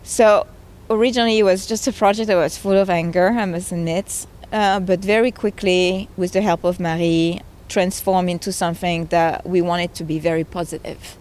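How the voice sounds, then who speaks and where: Earnest lower-voiced woman. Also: fairly even intonation, normal speed, darkish tone. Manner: earnest and emotional, speaks with conviction. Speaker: interviewee, game creator. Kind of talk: conversational interview. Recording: faint background noise.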